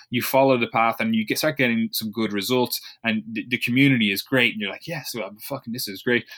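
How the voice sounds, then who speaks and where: A man's voice: lowish voice, pushed and bright. A man in casual podcast chat, rambling and swearing, slipping into sarcastic voices to mimic people.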